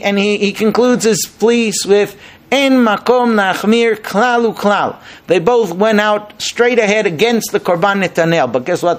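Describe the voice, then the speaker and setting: Man, middle-aged, rabbi teaching, informal lesson, high voice, animated delivery. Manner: animated, acts out quoted rabbis with rising emphasis.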